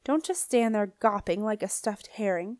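A woman's voice: mid-range voice, darkish tone, no echo, clean studio sound, close to an everyday voice. A woman reading an audiobook, voicing a bossy, impatient young girl who urges her friend on. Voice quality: brisk, bossy.

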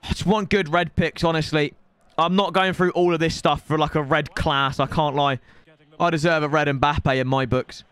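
High bright-voiced streamer. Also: male voice, steady tone, normal speed, smooth, dry recording. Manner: exasperated, ranting. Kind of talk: live gameplay streaming commentary.

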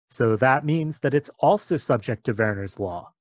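Guy explaining stuff slowly and carefully like a lecture, dry muffled-ish recording. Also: medium pitch, animated, no room sound. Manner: patient, methodical explaining.

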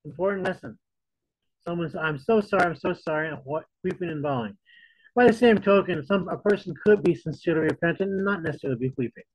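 Husky-voiced man preaching conversationally. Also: fairly high pitch, expressive, fast, no room sound, rough recording. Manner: conversational preaching, paraphrases scripture in casual modern voice. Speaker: Bible teacher. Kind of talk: sermon.

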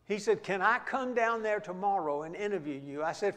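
Middle-aged pastor, folksy storyteller, high-pitched, long hall reverb. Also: male voice, expressive, brisk, few pauses. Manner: folksy storytelling with sudden shouts. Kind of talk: Bible study sermon. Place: church auditorium.

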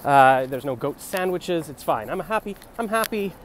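A man's voice: a little high, animated, normal speed, slight background noise, natural voice. A man voicing a resigned but cheerful goat in an easygoing, reassuring way.

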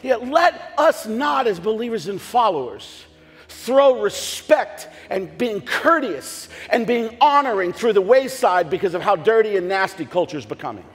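High-voiced man preaching with jokes. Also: moderate pace. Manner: animated storytelling with jokes and bursts of shouting. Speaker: pastor. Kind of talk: sermon. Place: church sanctuary. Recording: long hall reverb, faint music behind.

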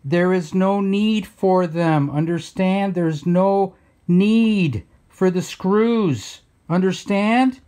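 A man's voice: high voice, very slow, mellow. Sarcastic man ranting to his camera. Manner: sarcastic, mock-bitter rants. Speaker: guitar builder. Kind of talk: sarcastic workshop vlog. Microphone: handheld camera mic.

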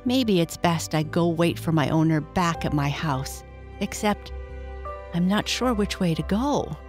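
A small, polite male guinea pig from a bedtime storybook chats brightly, as a woman puts him on. The voice is unhurried. Faint music plays behind. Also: fairly low pitch, expressive.

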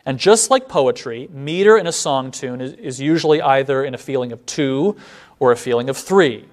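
A man giving a classroom lecture, measured and explanatory, often checking in with a rhetorical "right?". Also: medium pitch, animated.

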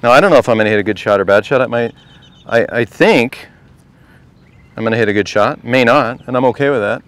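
A man's voice: mid-range voice, brisk, a bit bright, smooth. A man coaching a group at a golf clinic, talking casually and asking the group question after question. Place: outdoor golf practice range.

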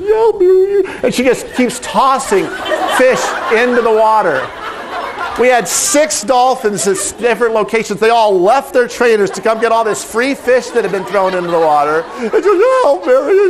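A middle-aged man who directs animal training, telling a story in a lively, animated way and acting out the quotes. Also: high-pitched. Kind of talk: storytelling talk.

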